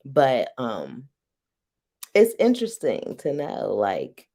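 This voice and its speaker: A woman's voice: a bass voice, huge pitch swings, slow pace, warm tone. A woman hosting a casual live-stream chat, frank and teasing, who laughs often between phrases. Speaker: host.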